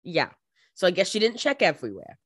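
Woman co-host, animated pitch, wry jokes, close dry mic. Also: fairly quick, husky, no room sound. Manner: joking, sarcastic asides. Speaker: podcast co-host. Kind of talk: casual chat.

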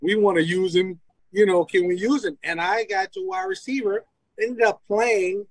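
As an interview guest, a former Louisiana college football player tells stories casually in a high-pitched voice at moderate pace. He laughs often, stays animated, and acts out quoted speech, though the dry recording has poor audio.

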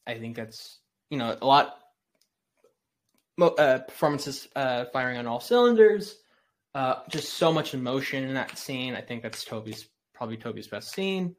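A man on a film podcast, chatting loosely. He stops and restarts often with many fillers, in an even mid-range voice. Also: medium pitch, normal speed. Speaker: podcast host. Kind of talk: casual film chat.

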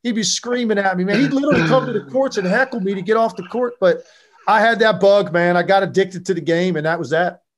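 Telling stories at a quick pace in a high voice, this Virginia man, once a basketball player, keeps a casual interview lively and leans on frequent fillers.

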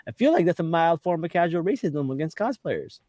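A slightly high male voice recorded dry and close to the mic, belonging to a podcast host in easygoing chat. He laughs a lot while he talks and stumbles into restarts as he jokes his way through a story. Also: very animated, fairly quick, warm tone, no room sound. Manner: laughing, joking, stammers on restarts. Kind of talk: casual chat.

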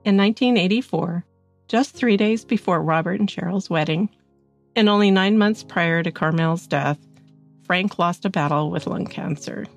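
A woman co-hosting a podcast, reading a scripted true-crime narration in a measured way. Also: on the low side, creaky, soft background music. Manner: measured reading, agreeable in chat. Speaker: podcast co-host.

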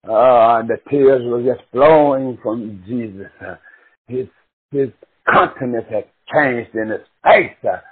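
A husky-voiced man preaching with fervor, his pitch rising and falling widely as he stretches his words out slowly. He swings between ringing cries and near-whispers. The sound is thin and tinny, like a phone line. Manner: impassioned, swings from shouts to hushed murmurs, drawn-out words. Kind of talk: sermon.

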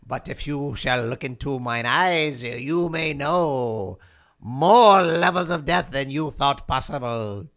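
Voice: lively intonation, slow pace, fairly bright tone. A performer doing a pompous four-armed king of hell. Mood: grandiose. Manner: grandiose, theatrical, booming pronouncements. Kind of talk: comedy podcast character bit.

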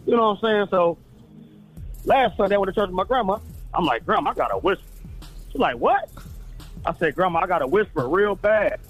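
A man's voice: high-pitched, expressive, brisk, pauses often, soft background music. A man calling in to a radio show, telling a story in a laid-back way, chuckling and saying "man" a lot. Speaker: caller. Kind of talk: phoned-in storytelling.

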